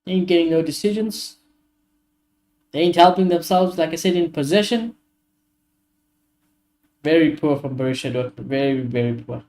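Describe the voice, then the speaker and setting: A man hosting a live football watchalong stream, reacting to the match with excitable, frustrated commentary, swearing often and talking to his chat. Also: on the high side, normal speed, pauses often.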